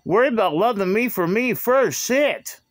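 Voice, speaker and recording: A man's voice: high voice, animated, normal speed, no echo. A man in an aggrieved, repetitive rant, recorded on a phone. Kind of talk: angry rant to camera.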